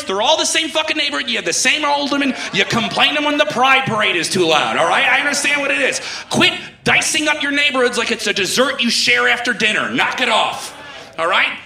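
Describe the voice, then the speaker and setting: A male stand-up comedian from Chicago who works the crowd, starts hesitantly, then teases in a rapid-fire list. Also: very high voice, very animated, creaky, sharp tone. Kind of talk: stand-up set, crowd work. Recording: echoey live room, faint noise.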